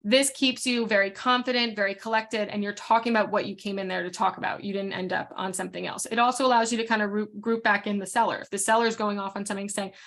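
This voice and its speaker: A woman's voice: medium pitch, steady tone, a bit bright. Frank woman coaching real estate agents. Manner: frank, talks fast with many fillers and restarts. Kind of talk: casual training session.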